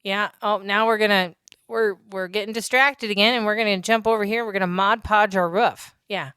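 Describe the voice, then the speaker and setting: A woman's voice: mid-range voice, fairly even intonation, normal speed, pushed and bright, clean tone, no room sound, studio quality. A woman narrating her craft build in a casual voice-over, chatty and self-mocking, with offhand asides that trail away.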